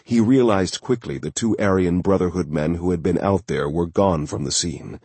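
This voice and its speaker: A man narrating a thriller audiobook in a steady, measured way. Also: deep voice, slightly rough, dry recording.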